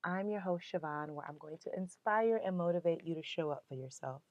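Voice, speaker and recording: A woman with a low voice hosts a motivational podcast. She talks in an earnest, emotional, uplifting way. The sound is dry and close. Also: a little fast, dry recording, lo-fi sound. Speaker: podcast host.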